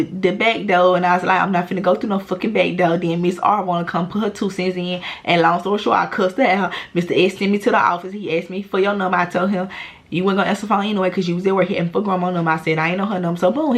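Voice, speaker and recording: Profane, animated young woman storyteller. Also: mid-range voice. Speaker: vlogger. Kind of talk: casual storytime vlog.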